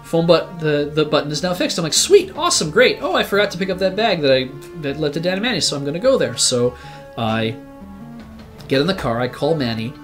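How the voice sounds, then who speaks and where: A man's voice: a little high, brisk, faint music behind. A man, a regular on the show, telling a long rambling story in casual chat, swearing and acting out what he said at the time. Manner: rambling, animated, swears, acts out his own quotes. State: sick.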